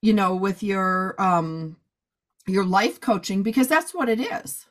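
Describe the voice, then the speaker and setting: Woman podcast host, hoarse and chatty, brisk businesslike talk. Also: mid-range voice, sing-song. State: hoarse, losing her voice. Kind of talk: casual chat.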